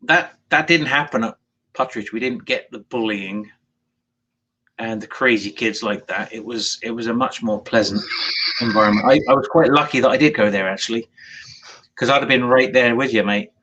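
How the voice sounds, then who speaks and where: A man's voice: medium pitch, normal speed, pushed and bright, lo-fi sound, slight background noise. A man co-hosting a casual show, easygoing as he explains his woodworking jigs. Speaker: co-host. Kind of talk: casual chat.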